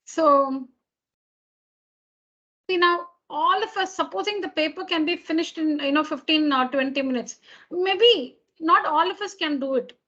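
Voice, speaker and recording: A woman's voice: high-pitched, animated, normal speed, a bit bright, lo-fi sound. A woman teacher talking to her students in an online class. She explains patiently, repeating and rephrasing each point. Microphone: computer mic on a video call.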